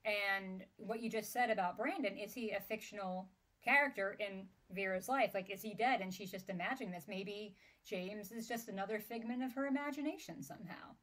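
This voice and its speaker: A woman's voice: mid-range voice, brisk, hardly any pauses, fairly bright tone. A woman co-hosting a book podcast, chatting casually and reacting expressively, with frequent exclamations and laughter. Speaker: podcast co-host.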